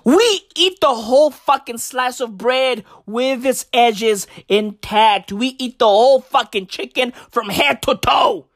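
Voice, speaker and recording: A woman's voice: high voice, expressive, measured pace, no echo, studio quality. A woman doing a brash, profane comic rant and mocking other people's voices. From South Africa. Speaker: comedian.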